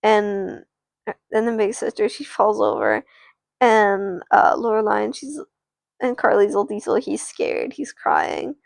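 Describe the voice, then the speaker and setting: Woman, streamer, casual story narration, rambling, gravelly, dry close sound. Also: medium pitch, very animated, slow pace, no echo. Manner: rambling, restarts, chats to viewers.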